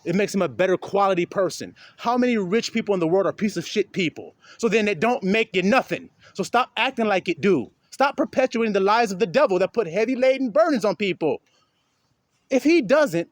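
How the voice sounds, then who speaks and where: A man delivers a raw, informal sermon in a high voice that leaps up and down his range. He preaches with heavy emphasis and cursing, dropping into low asides and then rising into shouted bursts as he acts out the people he quotes. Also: animated, fairly quick, no room sound. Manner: profane, colloquial.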